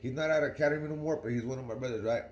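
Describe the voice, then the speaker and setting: A man's voice: medium pitch, very fast, echoey room, highs cut off, a little hiss or hum. A young man telling a story casually to his viewers in a slangy, rambling way, often asking "right?". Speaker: vlogger.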